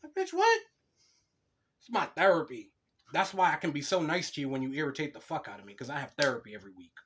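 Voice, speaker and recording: A young man talks casually on a podcast, his voice pitched right in the middle. He tells long stories with a lot of energy and curses freely as he goes. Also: racing, slight background noise. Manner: swears a lot, animated storytelling. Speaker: podcast co-host.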